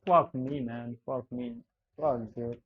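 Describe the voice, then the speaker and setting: Husky, cursing man on a muffled stream. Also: mid-range voice, fairly even intonation, slow. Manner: exasperated, heavy cursing, talks to chat as "dude" and "bro". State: smoking a cigarette while talking. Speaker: live trading streamer. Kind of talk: live-stream commentary to chat.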